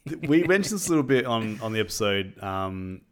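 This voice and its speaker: Brief: male co-host, lowish voice, animated film chat, acts out quotes. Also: fairly quick, clear, resonant tone. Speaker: podcast co-host. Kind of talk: casual chat about films.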